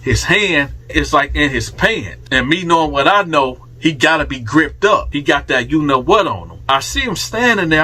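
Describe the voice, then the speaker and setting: A man telling a story in a casual storytime style, animated and slangy. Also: a little high, moderate pace, hardly any pauses, breathy edge.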